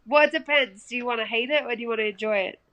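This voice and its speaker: A young Australian woman talking casually as a podcast guest over a video call, chatty and quick to laugh. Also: a little high, a bit bright, poor audio. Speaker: guest fighter.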